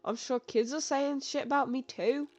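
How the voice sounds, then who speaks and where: A woman's voice: medium pitch, a little fast, a little mellow, no room sound, close to an everyday voice. A woman voicing a boastful teenage boy bully soul in a game, talking crude and dismissive, in a slightly dull recording with game music behind. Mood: brash.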